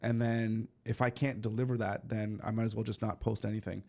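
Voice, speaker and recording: A man's voice: on the low side, level tone, fairly quick, gravelly, darkish tone. A man with a stuffy nose hosting a casual livestream, chatting loosely with lots of fillers and restarts. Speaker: livestream host. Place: home studio in eastern Canada.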